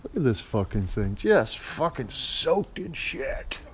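A man's voice: medium pitch, very animated, slow. A man with a Maritime Canadian accent filming a friend outdoors, cursing, hollering and laughing in rowdy banter. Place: outdoors in wind, rural. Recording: loud wind noise outdoors.

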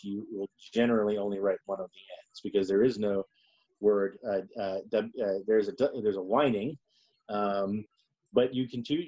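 A man giving an informal lecture, halting and full of ums and restarts. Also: on the low side, a little mellow. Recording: dull lo-fi recording.

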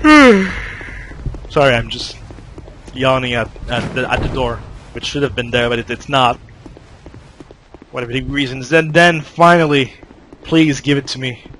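A man's voice: mid-range voice, steady tone, moderate pace, fairly bright tone, slight background noise. A man streaming a video game, chatting casually and swearing while he plays. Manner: casual, profane, joking. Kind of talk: casual let's-play commentary.

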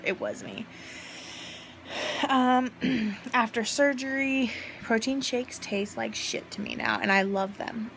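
A woman's voice: a little high, a bit bright, slight background noise. A young woman in a casual vlog, recording on a handheld phone at home and talking frankly while in pain after surgery, rambling and swearing casually. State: in pain, burping. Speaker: vlogger. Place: home, indoors.

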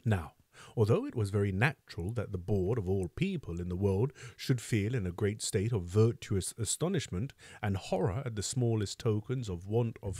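A man's voice: fairly low pitch, dark tone, husky, no echo, clean studio sound. A man reading a classic novel aloud for a book club, who reads steadily and stops now and then to remark on the text.

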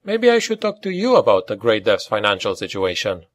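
A man's voice: on the low side, huge pitch swings, fairly quick, no room sound. A man voicing a stern male mercenary colonel who speaks in a hard, level, commanding way in an audiobook reading. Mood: probing.

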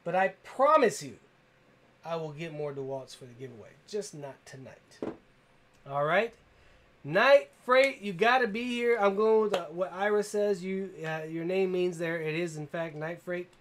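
A man's voice: sits high, moderate pace, fairly bright tone, slight background noise. A man hosting a tool giveaway livestream, upbeat, calling out to viewers and reading their comments in casual chat. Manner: upbeat, calls out to viewers and reads comments aloud. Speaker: tool channel livestream host.

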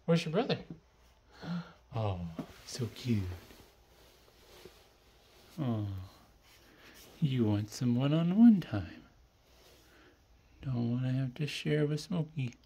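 A cat owner filming and talking to their pets in a cooing, affectionate voice with soft laughs. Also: mid-range voice, expressive, takes it slowly, creaky, long pauses, slight background noise. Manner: cooing, affectionate pet talk.

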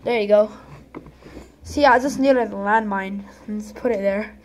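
A woman's voice: medium pitch, a little slow, slight background noise. A woman giving casual, playful gameplay commentary with dramatic outbursts at the game. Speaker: gaming channel host.

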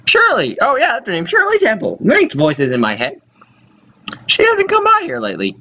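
A man voicing a frail, sickly old mother in a quavering, mock-sweet falsetto during a comic game playthrough. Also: huge pitch swings, fairly quick, pushed and bright, muffled recording, exaggerated voice. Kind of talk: comic let's-play voice-over.

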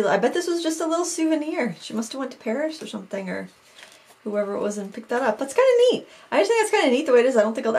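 A woman craft vlogger from Maine speaks at medium pitch with vocal fry and a darkish tone. She chats casually and thinks out loud while sorting through old things, often making jokes at her own expense.

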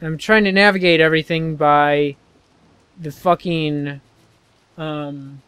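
A man's voice: a little high, steady tone, takes it slowly, fairly bright tone, smooth, no echo. A man commentating his own gameplay, muttering and swearing in frustration as he plays. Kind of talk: frustrated let's-play commentary.

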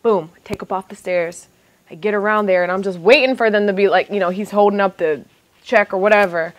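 A young adult woman telling stories as a guest, animated and profane, acting out what other people said. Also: medium pitch, brisk, no echo. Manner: lively, profane, acts out other people's lines. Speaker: reality TV contestant guest. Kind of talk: animated storytelling chat.

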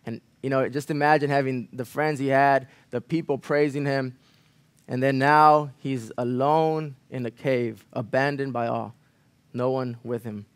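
A man preaching a sermon in a church, earnest, repeating phrases for emphasis, rising loud on key lines and falling quiet after. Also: steady tone, a little slow, no echo. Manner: earnest, swells louder on key lines then drops low. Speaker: pastor.

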